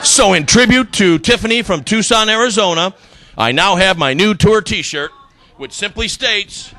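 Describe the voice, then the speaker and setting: A man's voice: sits high, moderate pace, bright, forceful tone, no echo, some chatter behind. A middle-aged man doing a stand-up comedy routine on a club stage, telling stories with punchy delivery and acted-out quotes.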